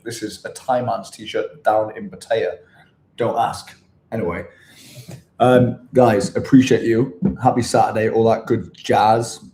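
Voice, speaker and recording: A Welsh man hosting a relaxed livestream, chatting with viewers and reading out their comments. His voice is mellow and dark, with a mid-range pitch. The room is echoey. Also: a little hiss or hum. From Wales. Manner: chatty, reads out viewer comments, tries halting Spanish. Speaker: vlogger on a livestream. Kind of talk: casual livestream chat. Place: indoors in Bangkok.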